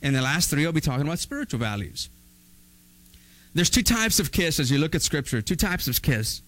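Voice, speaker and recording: A male pastor preaching a sermon in an animated, conversational way with playful asides. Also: a little high, brisk, rough recording.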